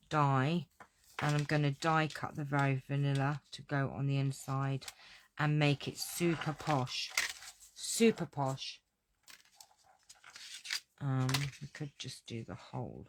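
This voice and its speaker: A woman hosts a card-making tutorial from her home craft desk. She chats to her viewers in a gushing, exclamatory way, and her talk is often slow and drawn out. A faint hiss sits under the recording. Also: very deep voice. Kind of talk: live crafting tutorial chat.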